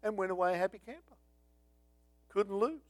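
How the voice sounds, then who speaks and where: High-voiced man preaching a dramatic sermon. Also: expressive, normal speed, no echo. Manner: dramatic, acts out voices of biblical figures.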